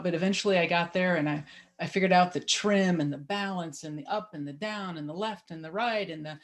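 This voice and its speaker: A woman in her thirties telling a personal story to an audience, lively, wry and self-mocking, heard over a video call. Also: on the low side.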